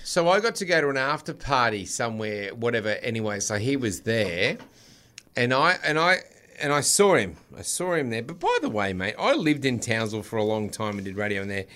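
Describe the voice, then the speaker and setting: A middle-aged man with an Australian accent, a radio host chatting casually on a podcast and telling stories with animated asides. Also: medium pitch, a little fast. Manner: storytelling, acts out other voices.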